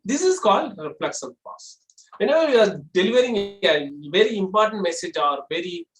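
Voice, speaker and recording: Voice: mid-range voice, expressive, fairly quick. Trainer in an echoey room. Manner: explains step by step, asking and answering rhetorical questions. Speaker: public speaking trainer. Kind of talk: classroom lecture.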